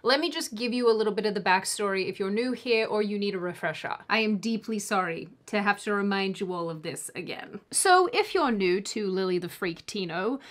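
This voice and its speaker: A woman reading scripted online commentary in a middle-pitched voice. She is sarcastic and dry, breaking off for quick mock apologies before moving on. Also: animated.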